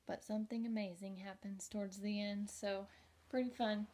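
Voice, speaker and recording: A young woman teacher reading a picture book aloud to young children, gentle and expressive, often pausing to ask questions. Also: medium pitch. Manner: gentle, slow and expressive, asking the listener questions.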